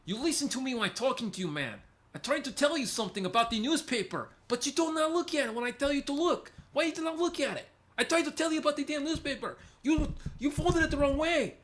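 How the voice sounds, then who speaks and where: A man's voice: extremely high pitch, lively intonation, fast, fairly bright tone, voice pushed up. A man voicing a boisterous, angry man with a made-up foreign accent who scolds in broken grammar. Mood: scolding.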